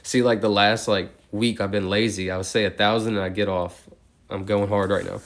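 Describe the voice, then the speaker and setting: A young man steadily counting numbers out loud, breaking off now and then to ramble casually. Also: fairly low pitch. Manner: steady rapid number recitation, rambling slangy tangents. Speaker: streamer counting aloud. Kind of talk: monotone counting with casual asides.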